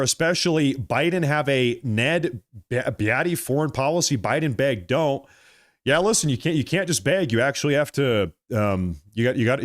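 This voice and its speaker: A man hosting a political livestream, reading viewer comments aloud and answering them in an emphatic, repetitive way. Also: medium pitch. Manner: emphatic, repeats phrases, thanks viewers by name.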